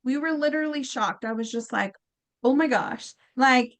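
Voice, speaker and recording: Woman guest, high-pitched, animated storyteller who acts out every quote, loose and filler-heavy. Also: normal speed. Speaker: guest healer. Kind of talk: storytelling in casual chat.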